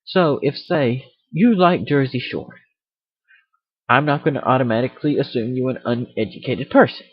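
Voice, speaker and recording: A man's voice: mid-range voice, moderate pace, husky, no room sound. A man hosting a casual rant video, rambling and joking about himself as he goes, recorded on a computer mic. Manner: rambling, self-aware, jokey. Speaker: video host. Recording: dry, dull computer mic audio.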